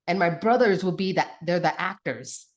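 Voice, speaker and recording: A woman, a guest on a talk show, telling a childhood story in a casual, animated way with lots of fillers and restarts. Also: fairly low pitch, normal speed. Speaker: podcast guest, mother.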